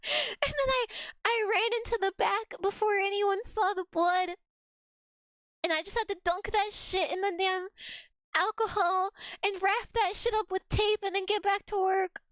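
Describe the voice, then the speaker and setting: Young woman streamer with a very high, dry close voice; swears freely and laughs through her stories. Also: normal speed, no echo. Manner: profane, laughing, animated retelling of work stories. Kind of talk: casual storytelling on a game stream.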